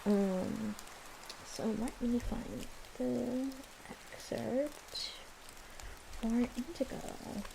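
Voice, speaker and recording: A woman's voice: on the high side, drawn-out words, gravelly, noisy background. A young woman giving a casual tarot reading, explaining the cards in a chatty way. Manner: chatty, explaining as she goes. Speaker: tarot reader.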